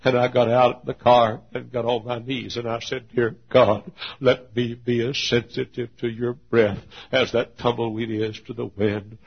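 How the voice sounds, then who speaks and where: An older man, a pastor, preaching a sermon that swings between hushed storytelling and shouted exhortation. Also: mid-range voice, little pitch movement, moderate pace. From Texas. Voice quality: gravelly and husky. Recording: dull lo-fi recording.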